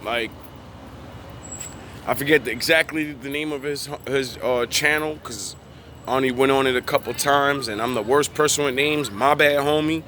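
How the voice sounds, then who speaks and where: A man's voice: mid-range voice, moderate pace, sharp tone, a little hiss or hum. A young man giving a casual, preachy monologue in profane street slang, worked up as he preaches. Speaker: vlogger.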